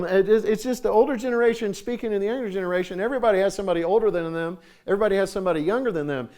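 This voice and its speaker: A man's voice: high-pitched, darkish tone. A middle-aged man preaching at a church conference, telling folksy stories and acting out voices. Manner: folksy, acts out voices in anecdotes. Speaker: conference speaker. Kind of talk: sermon with storytelling. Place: church sanctuary.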